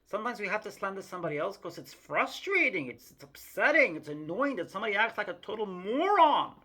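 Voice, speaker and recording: A woman's voice: mid-range voice, big pitch swings, fast talker, fairly bright tone, breathy edge. A woman vlogger telling a story in a chatty, self-mocking monologue to the viewer.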